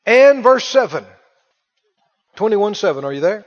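A male preacher with a very high voice delivers a dramatic sermon in a large auditorium, stretching important words out slowly and firing questions at the congregation. The sound is dull and lo-fi, with a long reverb trailing behind him. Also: very animated.

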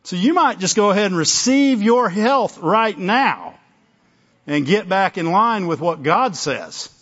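The dull lo-fi recording carries a pastor's high, slightly bright voice with wide pitch swings and an unhurried pace. His sermon is conversational, and he frequently interrupts himself to act out short exchanges.

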